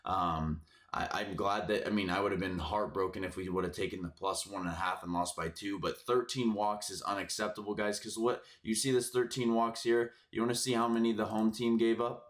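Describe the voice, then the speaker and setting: Low-voiced and brisk, with fairly even intonation, this sports betting picks host rants casually. He's slightly hoarse from yelling and peppers his frustrated talk with curses and fillers.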